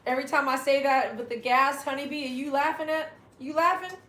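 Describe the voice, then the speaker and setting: A woman's voice: high voice, steady tone, a little fast, fairly bright tone, a little hiss or hum. Chatty woman streaming from an echoey room. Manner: chatty, talks to her dogs and reads viewer comments aloud. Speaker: dog groomer and livestream host. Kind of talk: casual livestream chat. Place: at home with her dogs.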